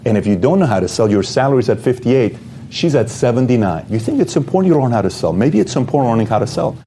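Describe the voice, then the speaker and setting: A man with a mellow, relaxed tone lays out his case plainly, throwing rhetorical questions straight at the listener. A faint hum of noise sits behind his voice. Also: medium pitch, fast talker. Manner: direct, rhetorical questions to the viewer. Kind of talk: motivational talk.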